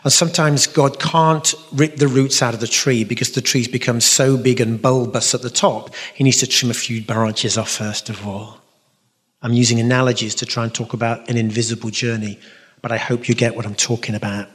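A man with a London accent speaks to a gathering in a large hall, his voice trailing a long reverb. He talks earnestly and directly, restarts his sentences often and pokes fun at himself, at an ordinary middle pitch. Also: fairly even intonation, normal speed, fairly bright tone, husky. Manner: earnest, direct, self-mocking, frequent restarts. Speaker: Catholic speaker. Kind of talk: conversational talk with audience questions.

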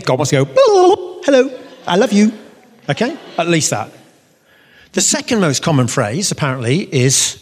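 A man giving a storytelling sermon, animated and acting out the voices he quotes. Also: medium pitch, slightly rough. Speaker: speaker giving a faith talk. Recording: long hall reverb.

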